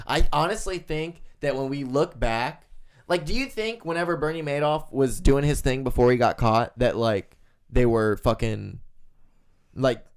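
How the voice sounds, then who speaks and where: A man's voice: mid-range voice, clear, resonant tone, no echo, studio quality. A man hosting a podcast, ranting casually and swearing often. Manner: profane, ranting, animated. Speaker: podcast host.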